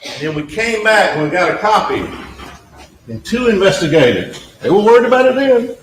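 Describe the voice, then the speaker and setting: A man's voice: high-pitched, big pitch swings, moderate pace. Man, trial attorney, closing argument, emphatic, repetitive, roomy courtroom echo. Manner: emphatic and repetitive, addressing the jury directly. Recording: echoey courtroom audio with faint background noise.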